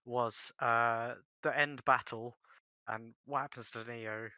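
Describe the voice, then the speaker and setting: A man's voice: medium pitch, fairly even intonation, slow, bright, forceful tone, no echo, dull audio. A man on a podcast, chatting hesitantly about a film he barely remembers, with short reactions. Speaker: podcast co-host. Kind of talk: casual film discussion.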